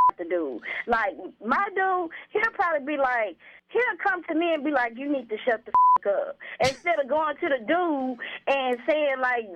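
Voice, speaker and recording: Brash high-voiced woman on a phone line. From Corpus Christi, Texas. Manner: brash, boastful, swearing freely. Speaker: caller. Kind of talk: casual call-in radio chat. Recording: muffled phone line with noise.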